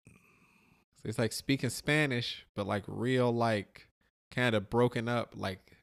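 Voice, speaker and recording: A man's voice: medium pitch, takes it slowly, gravelly. A middle-aged man, co-host of a podcast, chatting casually and profanely about his trip, acting out what people said. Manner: animated storytelling, acts out quotes.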